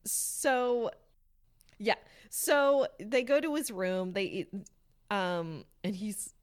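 A woman's voice: medium pitch, drawn-out words, clear, resonant tone. A woman in casual podcast chat, retelling a plot with lots of fillers, acting out the characters' lines and swearing now and then. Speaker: podcast co-host recapping a story.

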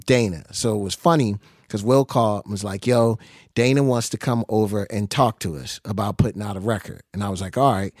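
A man's voice: fairly low pitch, no room sound, studio quality. A man telling stories in casual conversation, acting out the voices of people he quotes. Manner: animated, acts out quoted voices. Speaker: guest recalling his early music career.

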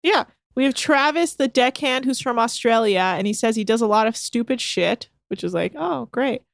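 A woman's voice: a little high, moderate pace, creaky, no room sound, studio quality. A woman co-hosting a podcast, recapping a show in casual, crass chat and laughing often.

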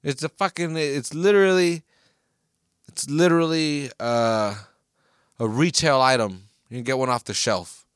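A young man talks alone into a podcast microphone at a middle pitch, cursing freely and restarting his sentences as he rambles. He grows loud and heated as he rants. The sound is close and completely dry. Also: measured pace, clean tone, dry recording. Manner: profane, rambling, with many restarts. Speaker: podcast host. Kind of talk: casual solo podcast rant.

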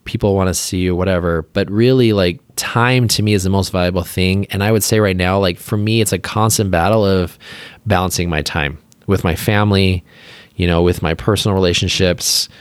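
A man's voice: sits low, fairly even intonation, fairly quick, clear, resonant tone, no room sound. A man who is a plastic surgeon, chatting casually as a podcast guest, talking in loose rambling sentences full of fillers and openly emotional. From Utah, US.

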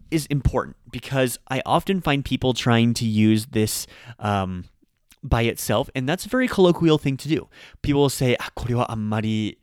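An upbeat, chatty man hosts a casual grammar lesson, taking the example sentences slowly and carefully. His voice sits at a middle pitch and is recorded close and dry, with no room sound. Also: no room sound. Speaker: podcast host and Japanese teacher.

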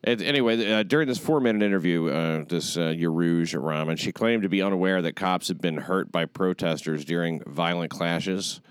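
Man, podcast host, casual chat, low voice, blunt, profane, rambling with fillers, dry close sound. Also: normal speed, hardly any pauses, smooth, dry recording.

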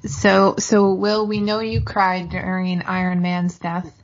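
A woman hosts a casual podcast chat at a slow, deliberate pace. She leads the talk thoughtfully, and her voice sounds dull and lo-fi. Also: on the low side, completely flat delivery. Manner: measured, thoughtful, leads the discussion. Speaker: podcast host.

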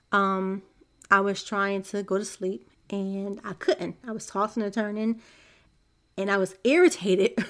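A mother hosting a faith podcast, speaking in an earnest, confiding monologue to her listeners. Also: medium pitch. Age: young adult to middle-aged, a mother. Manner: earnest, confiding, soft-spoken. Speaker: podcast host.

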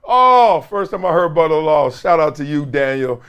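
A man hosting a show, telling football stories in a casual, animated way, laughing often and acting out other people's lines in a raised voice. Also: fairly high pitch, moderate pace, clean tone. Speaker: former NFL player and podcast host. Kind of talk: casual storytelling chat.

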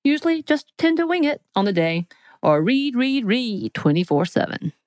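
A woman's voice: fairly high pitch, sing-song, darkish tone, no echo. Playful woman reading a quiz. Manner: playful, joking, reads options in quick lists. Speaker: podcast co-host. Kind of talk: casual chat, reading quiz questions.

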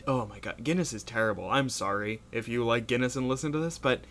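An American man chatting casually on a podcast, filling his stories with "like" and quick asides. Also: medium pitch, a bit bright. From United States. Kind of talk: casual chat.

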